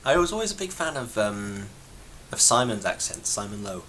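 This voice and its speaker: Male co-host, very expressive pitch, dry musing asides. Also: normal speed, slight background noise. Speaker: podcast co-host. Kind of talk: casual chat.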